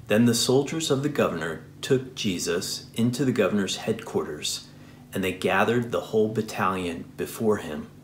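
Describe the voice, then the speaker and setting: A man reading scripture aloud in a church, steady and measured. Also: on the low side, echoey room, slight background noise. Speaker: scripture reader.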